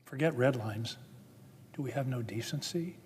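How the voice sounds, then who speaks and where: A man's voice: mid-range voice, moderate pace, a little mellow, a little hiss or hum. A man, a senator, giving a formal floor speech with earnest, building emphasis. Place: legislative chamber. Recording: long reverb of a large chamber.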